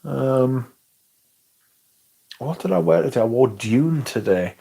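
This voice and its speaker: A man hosts a casual livestream, reading viewer comments aloud in an unhurried drawl. His voice has a gravelly, creaky edge. He rambles along at an easy pace and swears offhandedly. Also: medium pitch, lively intonation, warm tone. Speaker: livestream host.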